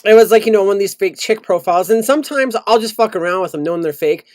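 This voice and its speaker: A man co-hosting a podcast, ranting loudly in casual chat and swearing a lot. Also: sits high, fast talker, no room sound. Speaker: podcast co-host.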